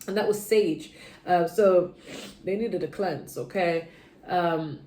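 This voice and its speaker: A woman giving a casual tarot reading, chatty and sleepy, drifting between low murmurs and sudden bursts of energy. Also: slow, mellow, echoey room. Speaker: tarot reader.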